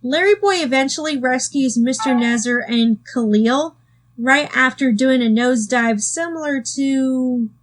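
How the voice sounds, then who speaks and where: A woman's voice: high voice, a little slow. A woman giving a sarcastic review of a cartoon episode, full of wry asides, with faint music behind. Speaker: video reviewer.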